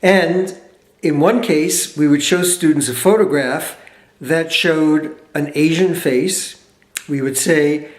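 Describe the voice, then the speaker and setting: In an echoey room, a male researcher with a fairly high voice is interviewed about his studies, explaining them through animated storytelling peppered with quick asides.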